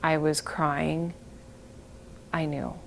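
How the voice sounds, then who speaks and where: A middle-aged woman recalls painful events in an interview, her voice low and gravelly. She speaks slowly and haltingly, breaking off mid-phrase and at times sinking to a whisper. A faint hiss sits under the recording. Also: level tone. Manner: halting, breaks off and restarts, sometimes drops to a whisper. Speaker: interviewee, bereaved mother. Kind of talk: emotional interview recollection.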